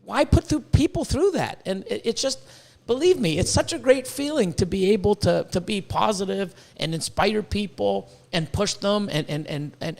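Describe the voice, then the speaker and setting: A high-voiced man hosts a casual podcast, bursting with excitement and peppering his talk with swearing. He grew up in Canada, and he often repeats words as his thoughts run ahead of him. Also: creaky. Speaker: podcast host.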